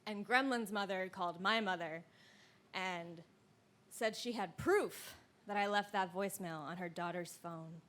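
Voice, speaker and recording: A woman in her thirties telling a true story live, with wry, deadpan comic asides. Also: mid-range voice, unhurried.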